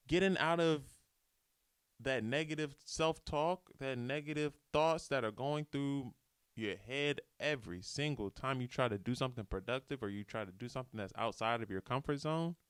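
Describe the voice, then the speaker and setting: A man's voice: mid-range voice, lively intonation, normal speed, fairly bright tone, clear, resonant tone, no echo, clean studio sound. A young man hosting a casual motivational podcast alone, talking in a laid-back, slangy way into a microphone. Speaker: podcast host. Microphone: studio microphone.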